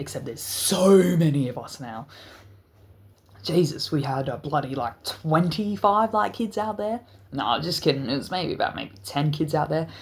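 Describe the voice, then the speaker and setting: A man tells a story to his vlog audience in a loose, animated way. He stutters and repeats himself often, swears freely, and his voice sits a little higher than most men's. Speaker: channel host.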